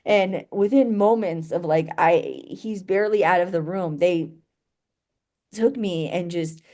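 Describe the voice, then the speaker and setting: A woman's voice: on the low side, measured pace, darkish tone. Woman telling a painful story, rambling. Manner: rambling, many fillers like "like" and "you know", restarts. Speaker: guest sharing her personal story. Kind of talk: emotional personal storytelling.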